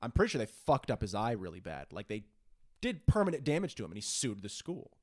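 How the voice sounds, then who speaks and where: A man's voice: on the low side, sing-song, fast. A young man co-hosting a podcast, telling stories in casual chat, swearing a lot and mocking people in put-on voices. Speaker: podcast co-host.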